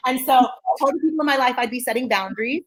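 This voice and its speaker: Woman psychologist host, quick and animated, repeats points for emphasis, a touch high-pitched. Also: poor audio. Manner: says "okay?" often to check in. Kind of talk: energetic teaching talk.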